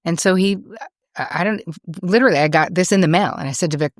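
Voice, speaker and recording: Low-voiced chatty woman host. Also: fast talker, no echo, clean studio sound. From United States. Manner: chatty, digressive, self-deprecating. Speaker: podcast host. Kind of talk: casual monologue.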